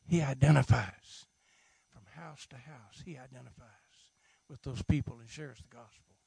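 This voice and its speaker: A middle-aged man preaching a sermon, animated and humorous, asking his listeners questions. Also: very high voice, gravelly, no room sound. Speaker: pastor.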